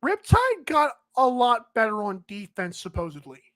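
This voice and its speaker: A woman with a high voice hosts a sports betting podcast. She rambles casually through her picks. She often turns to talk straight to the players she is discussing. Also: sing-song, moderate pace, a bit bright.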